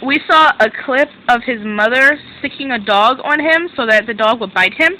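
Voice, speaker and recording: Excitable young woman rambling to camera. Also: fairly high pitch, moderate pace, a little hiss or hum, rough recording. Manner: excitable, rambling, self-interrupting. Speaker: drama reviewer. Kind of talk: casual chat recap.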